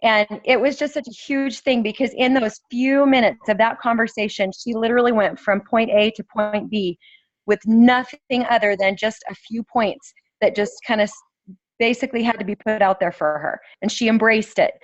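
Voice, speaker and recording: A woman sharing earnestly on a group call from her phone, her voice hoarse from yelling. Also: a little high, steady tone, normal speed, no room sound. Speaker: team member on a group call. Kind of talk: casual sharing on a video call. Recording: dull lo-fi phone audio.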